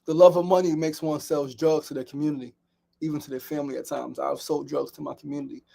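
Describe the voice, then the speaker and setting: New man, gravelly and slightly high, candid repetitive storyteller hosting a solo daily talk. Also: steady tone, fast talker, dark tone. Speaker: daily show host. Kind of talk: reflective solo monologue.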